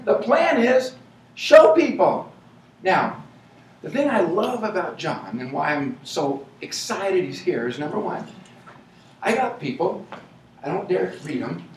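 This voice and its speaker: A high-pitched American man delivers a live motivational talk at a sales event. He jokes and then shouts his points for emphasis. The voice comes from some distance in a reverberant hall with faint background ambience. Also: measured pace, slight background noise. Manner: energetic, playful, shouts for emphasis. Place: large event hall with audience. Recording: echoey hall, voice from afar.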